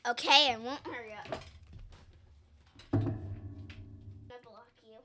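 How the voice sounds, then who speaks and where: A woman's voice: fairly high pitch, slow pace, pushed and bright. A young girl as a podcast guest, chatting casually and playfully, giggling and trying silly accents. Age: child. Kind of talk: casual chat. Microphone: podcast mic.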